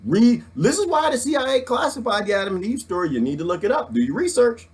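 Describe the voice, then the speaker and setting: A middle-aged man, ranting excitedly to his viewers, preaching and swinging his handheld mic as he talks. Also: extremely high pitch, fast. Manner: swings the mic around while talking. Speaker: vlogger. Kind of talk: excited casual rant.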